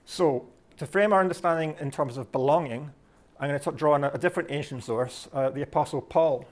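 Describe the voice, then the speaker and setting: Fast-talking Scottish man giving a talk. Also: on the high side. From Scotland. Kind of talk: delivered talk.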